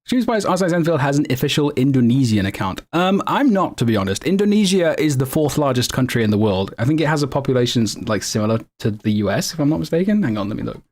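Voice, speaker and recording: A man's voice: mid-range voice, sing-song, fast, hardly any pauses, a little mellow. A man streaming casually, chatting with viewers in a rambling, self-correcting way and laughing often. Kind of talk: casual livestream chat, answering viewers.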